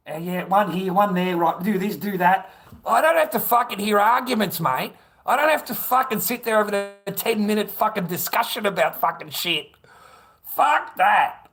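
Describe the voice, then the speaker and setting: Man, middle-aged, crude rambling rant, swears constantly, fairly high voice. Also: moderate pace, fairly bright tone. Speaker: livestream host. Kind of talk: ranting casual livestream chat.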